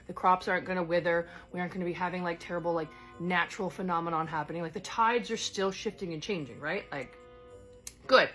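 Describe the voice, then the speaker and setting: A woman's voice: on the low side, fast talker, a bit bright, soft background music, natural voice. A woman voicing a chatty goddess stranded in another world. She speaks in a rambling way, full of fillers and self-corrections. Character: chatty displaced goddess, scattered but caring. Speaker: one-sided role-play character. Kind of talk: improvised solo role-play.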